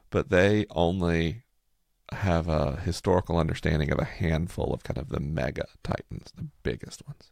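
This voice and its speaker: A man with an extremely low voice and a heavy gravelly fry talks in a relaxed, low-energy way as he co-hosts a podcast. His speech has a raspy edge, and the recording is close and dry. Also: no room sound. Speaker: podcast co-host. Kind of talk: casual podcast chat.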